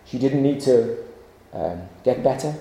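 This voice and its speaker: Earnest preacher in an echoey hall. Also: male voice, medium pitch, expressive, measured pace, gravelly, dark tone. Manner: earnest, pleading rhetorical questions with many repetitions. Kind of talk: evening sermon.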